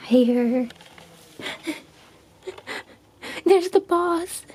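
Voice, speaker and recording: A woman's voice: sits high, slow. A woman filming her kitten at home, talking to it in gushing baby talk and laughing often. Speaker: pet owner vlogger. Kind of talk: casual home video narration.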